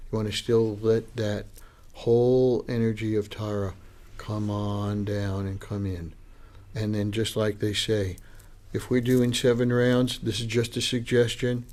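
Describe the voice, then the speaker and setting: A man leading a Dharma class in a fairly low voice. He teaches as a Buddhist lama in a loose, conversational way. He acts out the voices he quotes. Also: mellow. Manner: informal and chatty, acting out quoted voices. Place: meditation class with students.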